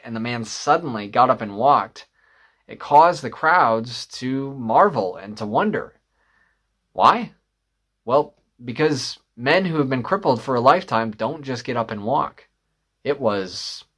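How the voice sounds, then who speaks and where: A young adult man from northern Michigan, preaching a sermon with a personal story, often pausing on "uh" and building emphasis. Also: mid-range voice, fairly bright tone. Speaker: pastor.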